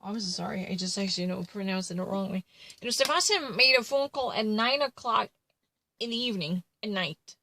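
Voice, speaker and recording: A woman's voice: mid-range voice, lively intonation, fairly quick, pushed and bright, rough recording. A woman retelling a true crime case in casual commentary, rambling and full of fillers and self-corrections.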